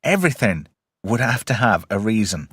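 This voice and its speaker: Animated man recapping a show. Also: lowish voice, moderate pace, slightly rough, dry recording, clean studio sound. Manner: animated, swears freely, recaps episodes with acted quotes. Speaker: podcast host. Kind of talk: casual chat.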